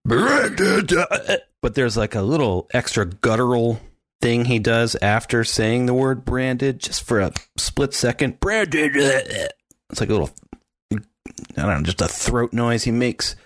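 A man co-hosting a podcast in casual chat, animated and mimicking sounds as he describes scenes. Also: mid-range voice, unhurried, no echo. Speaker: podcast co-host.

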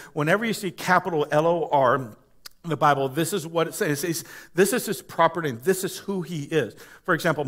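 A man's voice: a little high, fairly bright tone. A male pastor preaching a conversational sermon, repeating words and building to emphatic praise.

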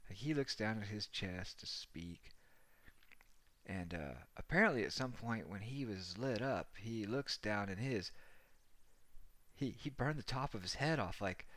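Bright-voiced man telling a rowdy story. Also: fairly low pitch, lively intonation, measured pace, dry recording. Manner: rambling, profane, laughing often. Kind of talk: casual anecdote telling.

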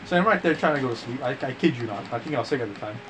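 A man's voice: medium pitch, expressive, rapid-fire, noisy background. Profane man telling rambling stories. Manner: profane, rambling anecdotes with slang like bro and dude; acts out quoted lines with voice changes. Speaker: storyteller among friends. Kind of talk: casual chat.

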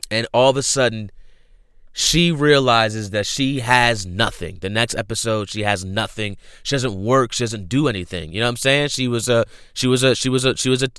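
Young guy recapping a show, super animated, smooth clear voice, dry close sound. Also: mid-range voice, dry recording. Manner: animated storytelling, acts out characters' lines, heavy slang and swearing. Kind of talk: casual retelling of a show's plot.

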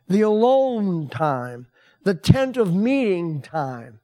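A man's voice: high voice, very animated, slow, dark tone. An older man, a pastor and grandfather, preaching a folksy, conversational sermon to his congregation in a church. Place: church sanctuary.

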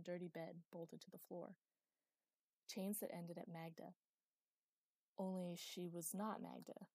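A woman narrating a fantasy audiobook with a measured, expressive delivery. Her voice sits low and mellow, recorded dry and close. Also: no room sound.

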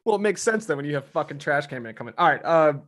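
A man co-hosting a TV recap podcast, recapping scenes in casual, excited chat with swearing and laughs. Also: a little high, fast talker. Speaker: podcast co-host.

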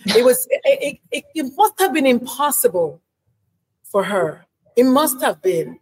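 A woman's voice: a little high, very animated, a little slow, a little mellow, slightly rough, low-quality recording. A woman speaking as a mother on a panel, blunt, confessional and emphatic about her own mistakes. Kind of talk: conversational panel talk.

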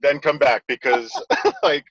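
A man telling stories in a casual chat, animated and laughing often. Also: on the high side, a little slow, dry recording. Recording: lo-fi audio.

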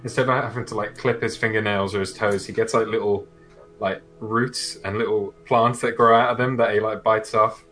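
A man's voice: on the low side, steady tone, moderate pace, a bit bright, soft background music. A man casually describing his tabletop character, hesitant, with many fillers and restarts. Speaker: player.

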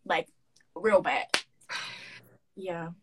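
A young woman co-hosting a casual podcast, telling a story with lively slang and acting out the quoted dialogue. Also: on the low side, drawn-out words, a crowd in the background. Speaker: podcast co-host.

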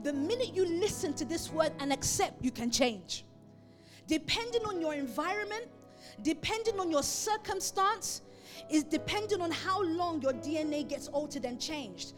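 A woman's voice: very high voice, lively intonation, moderate pace, over music. A woman preaching a sermon, emphatic and building her points through repeated phrases.

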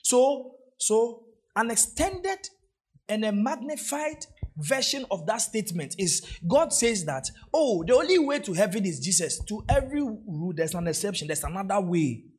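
Husky pastor with a lively, swinging pitch. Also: male voice, normal speed. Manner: emphatic, repeats key phrases; draws the congregation in to repeat and answer. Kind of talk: sermon.

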